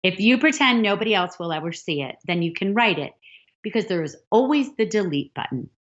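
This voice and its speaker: A woman's voice: mid-range voice, fairly quick. A middle-aged woman novelist, telling stories animatedly in an interview and acting out the dialogue. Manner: animated storyteller, acts out quoted dialogue. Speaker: novelist guest. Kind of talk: storytelling interview answer. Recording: dull lo-fi sound.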